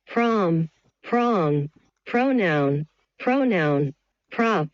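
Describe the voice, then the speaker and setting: A woman's voice: fairly low pitch, animated, drawn-out words, no echo, muffled recording. A woman reading English vocabulary words one at a time, each evenly spaced. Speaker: vocabulary reader. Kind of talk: slow word-list reading.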